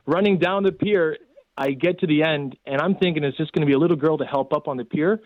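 A man's voice: on the high side, fairly quick, no echo. A man in casual storytelling, rambling with many fillers as he recounts events. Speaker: guest telling a rescue story. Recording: tinny phone line.

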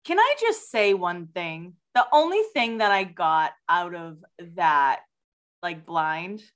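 A woman's voice: lowish voice, animated, takes it slowly, a bit bright. A woman co-hosting a podcast, chatting casually and laughing often. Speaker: podcast co-host. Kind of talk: casual chat.

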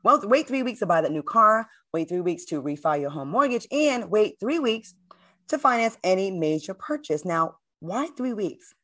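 A woman's voice: medium pitch, very animated, normal speed, fairly bright tone. A woman hosting a talk show, blunt and fiery in heated panel talk, also reading an ad herself.

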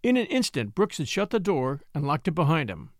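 A man narrating a classic story as an audiobook in an expressive storytelling manner. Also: a little high, brisk, no room sound, clean studio sound.

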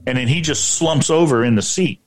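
Man telling a story with halting fillers. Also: medium pitch. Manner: halting, repeats himself, many fillers. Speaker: paranormal researcher.

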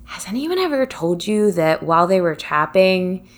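A woman co-host talks casually and keeps chiming in with quick agreement before telling her own story about a client. Her voice sits fairly low for a woman. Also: sing-song, slight background noise. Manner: chatty, frequent backchannel agreement. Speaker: podcast co-host, tapping practitioner. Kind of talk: casual chat.

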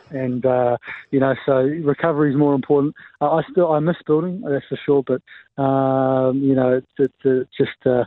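A man, an athlete giving a relaxed radio interview by phone and peppering his talk with "mate" and "you know". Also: medium pitch, moderate pace, dry recording. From New Zealand. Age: 20s. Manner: laid-back, fills speech with "mate" and "you know". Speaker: athlete guest. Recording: tinny phone line.

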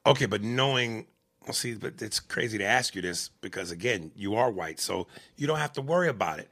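A man's voice: lowish voice, animated, fairly quick, a bit bright. A man hosting a casual chat, probing his guest with pointed questions.

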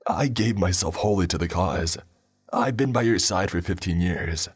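A man's voice: on the low side, animated, takes it slowly, breathy edge, voice pushed up, full character voice. Brief: man playing frail old preacher, raised thin voice, stuttering, wheezy, tearful. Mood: pleading. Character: decrepit old male reverend, frightened, pleading.

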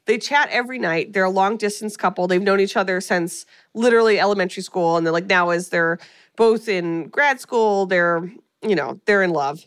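A woman's voice: medium pitch, normal speed, clean tone, no echo. Chatty woman co-host, dry sound. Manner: chatty, rambling recap with many fillers. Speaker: podcast co-host recapping a film. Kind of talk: casual chat.

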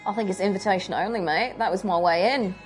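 A woman's voice: medium pitch, fast, soft background music, low-quality recording. A woman player, teasing and playful in her speech. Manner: teasing, playful, says mate.

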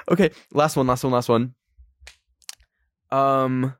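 A man's voice: medium pitch, fairly even intonation, takes it slowly, long pauses, clean tone, no room sound, clean studio sound. A young man hosting a casual solo podcast, anxious and rambling, full of filler words. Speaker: podcast host.

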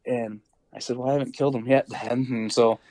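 A young man spins a hunting story in an easygoing, rambling way, leaning on fillers and playing out bits of dialogue. His voice sits in a medium pitch, recorded close and dry with no room around it. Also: fairly even intonation, a little fast, dark tone, no echo, rough recording. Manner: rambling, many fillers and acted-out quotes. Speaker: podcast guest, deer hunter. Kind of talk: casual storytelling.

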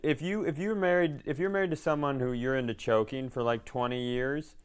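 Smooth-voiced joking male host. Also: mid-range voice, steady tone, a little fast. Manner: riffing, joking tangents. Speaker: podcast host. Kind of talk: casual chat.

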